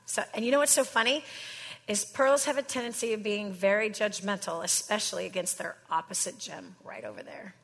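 A woman giving an animated motivational seminar talk to a live audience, with rhetorical questions and frequent laughter. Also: mid-range voice, a little fast. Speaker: seminar speaker. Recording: reverberant hall sound.

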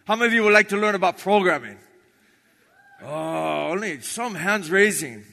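A man's voice: high-pitched, expressive, normal speed, creaky, bright, forceful tone. A man doing stand-up on stage in a large hall, talking in clipped broken English and chanting lists of names. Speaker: stand-up comedian.

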